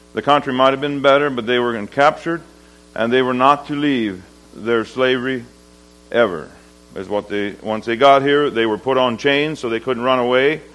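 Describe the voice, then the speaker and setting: A man preaches to a gathering in a livestock auction barn and tells his lesson as a plain, homespun story. He halts often, filling gaps with um's, and slows down on the words that matter. His voice sits at an ordinary pitch for a man. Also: fairly bright tone, rough recording. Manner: halting and homespun, with many pauses and um's, slowing down for weight. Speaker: lay preacher. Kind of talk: storytelling sermon.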